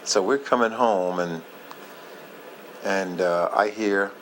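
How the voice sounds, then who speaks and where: A man casually reminiscing in a heartfelt, rambling way, often halting and losing his thread. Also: deep voice, fairly bright tone, a little hiss or hum, rough recording. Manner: heartfelt, moved by the memory. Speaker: vlogger sharing memories.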